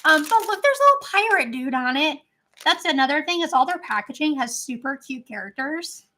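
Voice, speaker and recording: A woman's voice: high voice, sing-song, brisk, bright, forceful tone. A woman chatting casually on a live stream at home, rambling and giggly as she tries snacks. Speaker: vlogger.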